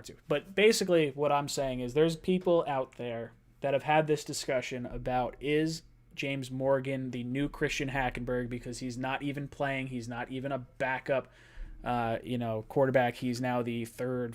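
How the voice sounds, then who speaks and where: A man hosting a live-stream sports podcast, talking casually and playfully with his chat, with quick bursts of speech. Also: medium pitch, fairly even intonation. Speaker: podcast host.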